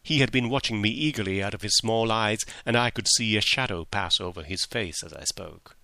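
A man narrating a classic story in the first person, measured and expressive, in the style of an audiobook. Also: lowish voice, vocal fry, no room sound.

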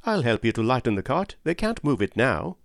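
A man reading an audiobook and voicing an earnest young stable boy who speaks in an excited, pleading way. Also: medium pitch, a little fast, creaky, no echo, studio quality, pitched above the performer's own voice.

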